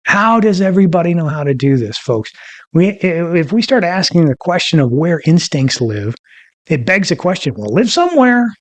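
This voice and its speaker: High-voiced man giving a folksy talk. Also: sing-song, moderate pace. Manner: folksy, asks many rhetorical questions; repeats phrases for emphasis. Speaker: podcast host. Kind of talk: informal teaching talk.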